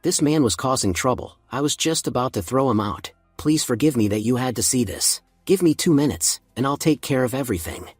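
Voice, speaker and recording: A sneering, crooked company boss, voiced by a man in a narrated comic recap, mocking and cowardly by turns. The voice is slightly husky with a dry, close sound. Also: mid-range voice, animated, fairly quick, few pauses, darkish tone, no echo, soft background music. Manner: mocking, then grovelling.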